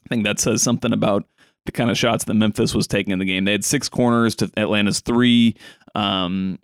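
A man's voice: fairly low pitch, fairly even intonation, brisk, clear, resonant tone, dry recording, studio quality. A male podcast host talking casually about a soccer match, with frequent fillers and restarts, and reading quotes from a sheet.

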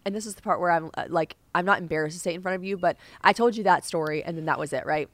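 Young woman podcast host, lowish voice, animated storyteller, dry recording. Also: very fast, no room sound. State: sinus infection. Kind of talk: casual podcast chat.

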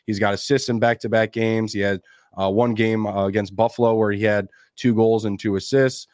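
A man co-hosting a casual sports podcast, raspy and under the weather, rambling loosely with fillers. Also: fairly low pitch, fairly even intonation, moderate pace, darkish tone, no echo, studio quality. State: sick, raspy from a cough. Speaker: podcast co-host.

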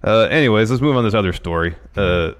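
Male podcast co-host, lowish voice, animated and opinionated, casual news chat. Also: fast, clear, resonant tone. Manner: animated, reads news items aloud, frustrated rants.

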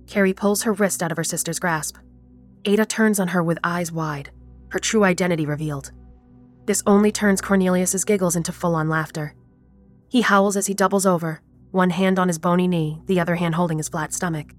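A woman narrating a horror story in a measured, even storytelling manner. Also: fairly low pitch, soft background music.

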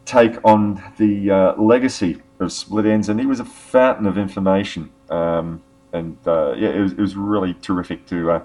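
This podcast host is a man with a low, darkish voice, chatting casually and rambling about music. He leans on many fillers and keeps restarting his sentences.

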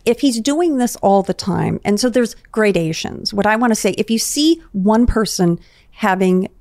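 A woman's voice: mid-range voice, animated, moderate pace, darkish tone, dry recording, clean studio sound. A woman therapist, a guest on a podcast, analyzing relationship dynamics in an explanatory, conversational way.

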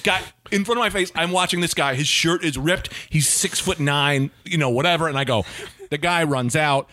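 A man's voice: on the high side, moderate pace, no room sound. A man hosting a comedy podcast, telling an exaggerated story and acting out the voices in it. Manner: animated, acts out voices in his stories.

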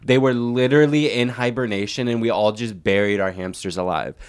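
A man co-hosting a casual podcast, talking in a low, smooth voice. He rambles through his stories, swears freely and breaks into laughs often. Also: brisk. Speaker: podcast co-host. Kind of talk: casual chat.

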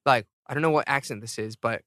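Wrapping up his show with casual chat, a thirties podcast host rambles, tired and jet-lagged, making self-mocking jokes. He talks fast in a sharp, mid-range voice, recorded with studio quality and no room sound.

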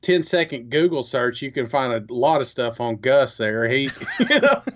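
A man's voice: mid-range voice, very animated, moderate pace, a bit bright, a little hiss or hum. A man co-hosting a sports podcast, easygoing and laughing often as he chats. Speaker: podcast co-host. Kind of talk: casual sports podcast chat.

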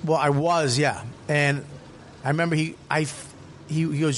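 Profane, animated comedian host, fairly high voice. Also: male voice, normal speed, slight background noise. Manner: profane, animated, acts out quoted people. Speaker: podcast host. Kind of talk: casual storytelling chat. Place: cigar lounge.

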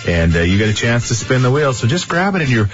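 A man's voice: mid-range voice, sing-song, fast, over music. A man hosting a morning radio show, chatty and joking, laughing often. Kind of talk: casual morning radio banter. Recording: dull lo-fi radio broadcast.

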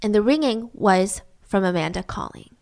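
A woman's voice: mid-range voice, expressive, normal speed, creaky, darkish tone. A woman recounting a true-crime story in a casual, chatty way, full of "like" fillers.

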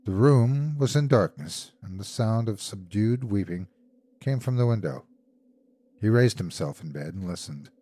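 A man narrating a classic horror story in a measured, grave way as host. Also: fairly low pitch, animated, dark tone. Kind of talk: scripted narration.

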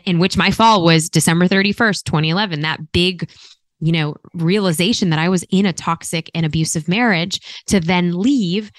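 Low-voiced woman telling her story. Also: no echo, clean studio sound. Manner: reflective, earnest, slows down on painful points. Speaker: author and guest. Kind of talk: personal story in an interview.

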